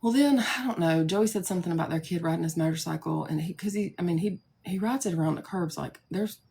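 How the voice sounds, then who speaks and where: Low, gravelly woman telling a rambling story. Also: quick pace, a little mellow. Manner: rambling, with many likes and asides. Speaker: live streamer. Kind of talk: casual storytelling to a live audience.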